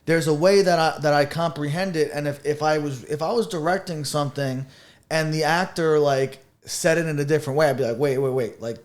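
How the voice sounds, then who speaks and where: A young man hosting a podcast, talking in a casual, slangy, animated way and acting out lines he quotes. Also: on the high side, a little fast. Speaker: podcast host.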